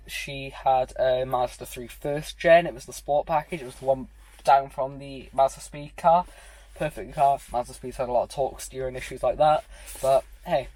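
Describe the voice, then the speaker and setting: A man's voice: medium pitch, darkish tone. A young man hosting a casual car review vlog, talking in a rambling, chatty way with plenty of fillers.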